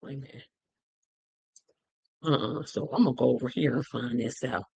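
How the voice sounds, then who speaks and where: A woman hosting her own show, talking through a movie in an animated, emphatic way and repeating words for effect. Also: extremely low pitch, moderate pace, gravelly, breathy edge, dry recording. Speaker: show host. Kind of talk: casual movie review chat.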